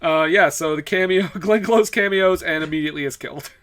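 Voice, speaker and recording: Bright-voiced man recapping a movie, chuckling. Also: on the high side, fairly quick. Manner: laughs often, recaps scenes with many fillers. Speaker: podcast co-host. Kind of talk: casual movie-review chat.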